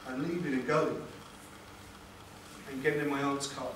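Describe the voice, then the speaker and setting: A man, a motivational speaker telling an emotional personal story at a seminar, with dramatic pauses and questions to the audience. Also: mid-range voice, steady tone. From England. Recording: echoey room, distant mic, background noise.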